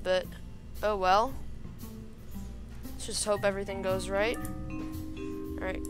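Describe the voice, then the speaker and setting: A woman's voice: mid-range voice, bright, forceful tone. A woman chatting to herself during gameplay commentary, thinking aloud and getting exasperated as she plays at her computer. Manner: chatty, talks to herself while building, gets exasperated. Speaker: gaming channel host. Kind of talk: let's-play gameplay commentary. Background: game music.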